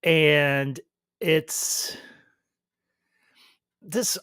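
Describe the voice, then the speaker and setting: A man's voice: a little high, extremely slow, a bit bright, smooth, no room sound, clean studio sound. A man hosting a casual review stream, chatting with enthusiasm and restarting his phrases often. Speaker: YouTube reviewer.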